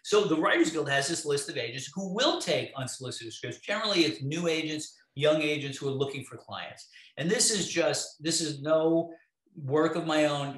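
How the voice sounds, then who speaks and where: A man, an interview guest, telling a long story in an animated, profane way. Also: a little high. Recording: roomy echo.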